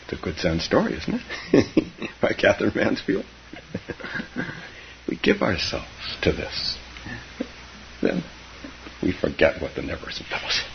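A man in his seventies giving an unhurried, reflective dharma talk, laughing softly and dropping to whispers, in a muffled recording. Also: fairly low pitch, huge pitch swings, creaky, a little hiss or hum. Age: 70s. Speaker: meditation teacher.

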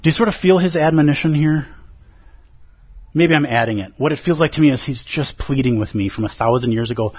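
A man's voice: on the high side, brisk, slightly rough, lo-fi sound. A man giving a dharma talk as a meditation teacher, earnest and pleading, with playful asides.

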